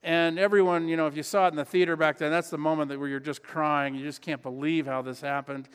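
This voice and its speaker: A man's voice: fairly high pitch, little pitch movement, quick pace, smooth. A pastor preaching a sermon in his church, earnest and emphatic, repeating key phrases. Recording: long hall reverb.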